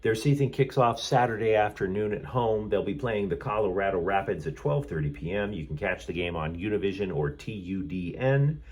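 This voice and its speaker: Male sports host, low husky voice, snarky rambling delivery. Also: a little fast, few pauses, darkish tone. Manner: sarcastic, rambling, sardonic asides. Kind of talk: snarky sports commentary monologue. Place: hotel room.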